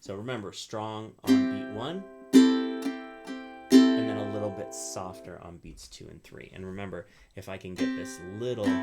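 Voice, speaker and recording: A man's voice: low-pitched, vocal fry. A man teaching ukulele rhythm in a casual, explanatory way, often checking in with "right?" while strumming between phrases. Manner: relaxed, explanatory, frequent "right?" check-ins. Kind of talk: casual instructional talk.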